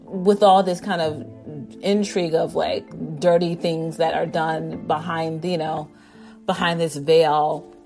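A woman's voice: sits low, fairly even intonation, takes it slowly, gravelly, a little mellow, soft background music. A woman giving an enthusiastic, rambling recap of a drama episode, full of fillers. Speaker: drama reviewer.

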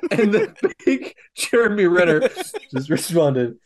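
A man's voice: sits high, lively intonation, normal speed, hardly any pauses, darkish tone. A man co-hosting a casual comedy podcast, rambling and swearing, often breaking into helpless giggling fits. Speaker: podcast co-host.

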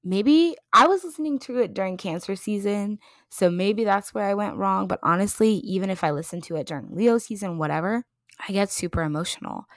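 A young woman from the United States hosting a podcast in casual chat, effusive and emotional, moving between quick excited bursts and slow, soft passages. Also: medium pitch, no echo, clean studio sound. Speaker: podcast host.

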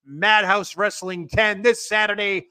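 A man with a Boston accent hosting a show, energetic and rambling as he chats and plugs events. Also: high-pitched, unhurried, clear, resonant tone, no room sound. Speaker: podcast host. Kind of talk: casual show chat and plugs.

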